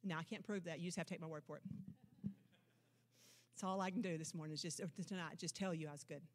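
A woman pastor preaching a sermon with emphatic declarations and rhetorical questions, swinging from loud proclamations to low, intense asides. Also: steady tone, quick pace. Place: church service.

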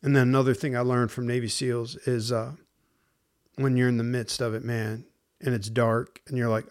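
A man preaching in a casual, conversational sermon, speaking plainly to listeners and slipping into slang and hushed acted-out asides. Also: mid-range voice, little pitch movement, moderate pace. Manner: acts out inner voices in hushed asides. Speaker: pastor.

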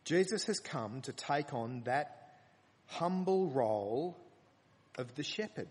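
A man's voice: on the high side, animated, slow pace, breathy edge. A man preaching a sermon, earnest and emphatic when he reads scripture aloud. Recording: long reverb of a large hall.

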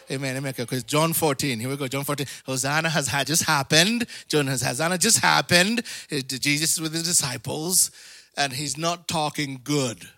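A man with a high, bright voice preaches with lots of energy and calls out to his congregation for amens. He slips into quick put-on voices and laughs along the way. The sound is dry and close. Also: dry recording. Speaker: pastor. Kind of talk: sermon.

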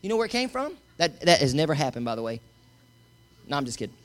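A man's voice: on the high side, big pitch swings, fast talker, fairly bright tone. A middle-aged male pastor preaching a sermon, emphatic and calling on the congregation to repeat after him. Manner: emphatic, calls for congregation responses.

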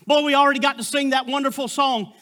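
A man's voice: very high voice, fairly even intonation, fast talker, sharp tone. A man preaching a sermon as a guest preacher, fervent and exclamatory, with frequent interjections.

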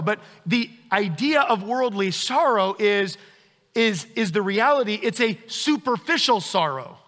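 A man's voice: sits high, bright, forceful tone, big-room sound. A man preaching a sermon as pastor, acting out everyday scenes with quoted voices.

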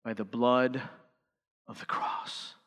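A man preaching a sermon as pastor, rising to emphatic peaks and dropping to quiet, earnest lines. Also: mid-range voice, little pitch movement, slow pace, big-room sound.

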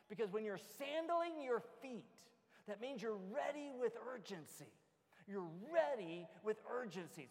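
A pastor delivers a lively, joking sermon, slipping into little acted scenes to make his point. His voice sits very high for a man. The sound carries a long reverb, as from a large church hall. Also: creaky.

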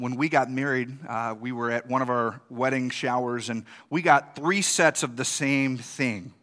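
A man's voice: medium pitch, bright, forceful tone. A male pastor giving a conversational sermon, asking the congregation questions and acting out quoted reactions.

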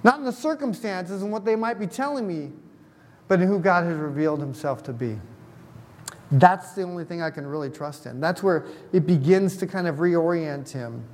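A man with a fairly high voice preaches a sermon as a pastor. He keeps it conversational, often stopping to ask the congregation questions. His voice rings out with a long hall reverb. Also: moderate pace, darkish tone.

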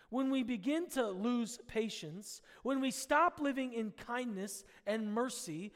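A male pastor preaching an earnest sermon, swinging between loud and hushed and acting out the voices he quotes. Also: very high voice. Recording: long reverb of a large hall.

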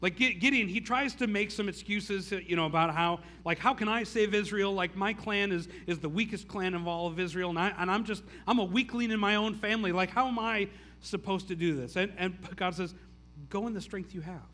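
Pastor, male, high and bright tone, casual sermon with stumbling restarts. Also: brisk. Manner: casual, stammering restarts, frequent "like". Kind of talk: conversational sermon.

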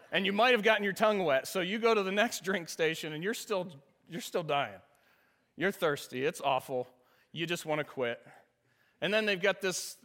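A man's voice: fairly high pitch, a bit bright. A man preaching a sermon, telling a funny story about a race and laughing often. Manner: storytelling, self-deprecating humor, laughs often. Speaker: pastor.

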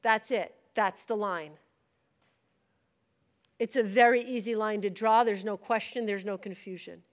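A woman's voice: mid-range voice, fairly even intonation, a little slow. A middle-aged woman who leads a church, telling a personal testimony in a conversational storytelling way and acting out what she once said. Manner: conversational storytelling, acts out her own past words. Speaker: church leader giving a testimony.

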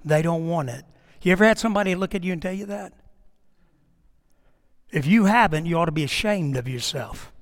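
High-voiced preacher in reverberant hall. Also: male voice, fairly quick, long pauses. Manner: preaching with emphatic rises and hushed drops. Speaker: pastor. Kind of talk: sermon. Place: church sanctuary. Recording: long reverb of a church hall.

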